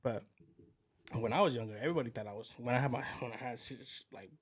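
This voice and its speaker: Guy on a podcast rattling off stories super fast, does the voices of people he quotes. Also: mid-range voice, slightly rough. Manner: rambling storyteller, acts out quotes. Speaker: podcast co-host. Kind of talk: casual chat.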